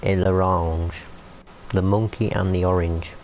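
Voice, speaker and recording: Heard through muffled lo-fi audio with a faint hiss, this young streamer has a deep, level, unhurried voice. He chats and rambles casually while playing a train game, speaking directly to the characters on screen.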